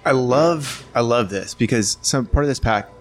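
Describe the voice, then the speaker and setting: A man's voice: mid-range voice, normal speed, background noise. A man hosting a podcast, asking questions and teasing his guests with enthusiasm. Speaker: podcast host. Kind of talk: casual interview chat.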